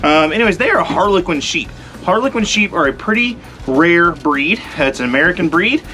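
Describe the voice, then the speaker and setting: A man's voice: high voice, lively intonation, a little fast, sharp tone, soft background music. Easygoing man vlogging outdoors in the cold. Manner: easygoing and rambling. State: chilly and a bit out of breath. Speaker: ranch vlog host. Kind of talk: casual vlog talk to camera. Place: outdoors at a sheep pen in the cold.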